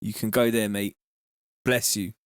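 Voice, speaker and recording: A man's voice: on the low side, little pitch movement, unhurried, smooth. A man with a London accent chatting casually on a music-making livestream, laid-back and slangy, thanking viewers as he works. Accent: London English. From England. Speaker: music producer streaming live.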